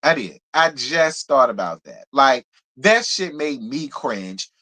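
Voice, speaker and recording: A man hosting a casual live recap of a reality TV show, talking in a gossipy, profane, animated way and laughing often. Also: medium pitch, slow pace. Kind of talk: casual live review commentary.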